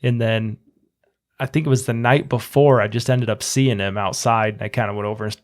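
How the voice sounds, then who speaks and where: A man's voice: fairly low pitch, fairly even intonation, fairly quick. A man hosting a podcast, telling a long story casually and acting out what others said. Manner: chatty, acts out quotes in a raised voice. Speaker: podcast host.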